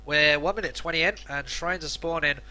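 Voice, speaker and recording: A man's voice: a little high, brisk, pushed and bright. A man co-casting a live esports match, giving analytical color commentary. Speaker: esports co-caster.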